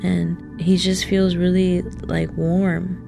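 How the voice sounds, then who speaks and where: Low, gravelly woman telling a personal story. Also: little pitch movement, music in the background. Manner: casual, halting, many "like" fillers.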